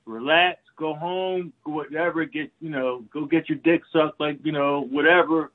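Excitable, profane man on a tinny line. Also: on the high side, normal speed. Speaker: political talk show co-host. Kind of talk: casual political commentary.

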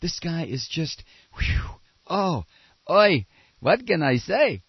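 A man from Texas hosting a podcast, giving sarcastic, animated political commentary. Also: a little high, slow, husky, no room sound, lo-fi sound. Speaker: podcast host.

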